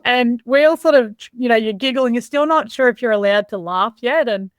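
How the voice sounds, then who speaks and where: An Australian woman telling lively, laugh-filled stories as an interview guest, swearing casually, over a video call. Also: on the high side, fairly quick, no room sound, studio quality. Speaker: army reservist guest.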